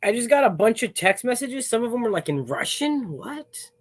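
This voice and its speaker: A young man co-hosting a casual livestream, fast-talking and playful, laughing often between lines. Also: very high voice, sing-song. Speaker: co-host making cold calls.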